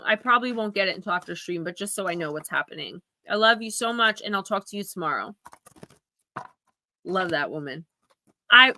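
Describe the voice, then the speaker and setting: A woman's voice: mid-range voice, pushed and bright, dry recording. A woman reading oracle cards on a live stream, chatty and emotional, sniffling now and then as she talks straight to her viewers. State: tearful, sniffling.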